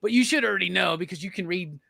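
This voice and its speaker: A man's voice: sits high, rapid-fire, creaky, bright, forceful tone, no room sound, clean studio sound. A man hosting a movie review panel, brash and joking, swearing freely. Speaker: host. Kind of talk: casual movie review chat.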